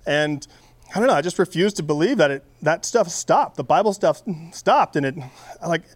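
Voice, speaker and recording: A man's voice: fairly high pitch, lively intonation, normal speed, dry recording. A young man giving a casual, conversational sermon, with many fillers and restarts. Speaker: preacher.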